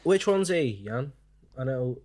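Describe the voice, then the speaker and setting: A man's voice: mid-range voice, animated, slow pace, a little mellow. A man co-hosting a music podcast, introducing tracks with wry, teasing remarks. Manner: wry, teasing, laughs often. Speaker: podcast co-host. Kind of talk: casual music chat.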